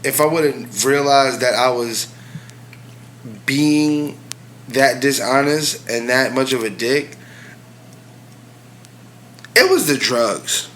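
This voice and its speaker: A man co-hosting a casual relationship podcast, candid and confessional, often dropping to a low, quiet tone. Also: slow, pauses often, a little hiss or hum. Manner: swears freely. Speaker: podcast co-host.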